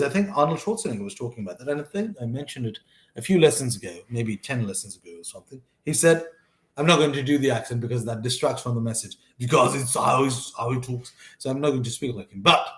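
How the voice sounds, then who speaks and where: A man's voice: mid-range voice, lively intonation, fast. A man talking casually and thoughtfully about a life lesson, often restarting and correcting himself mid-sentence. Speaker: host sharing life lessons. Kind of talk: casual reflective monologue. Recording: roomy echo.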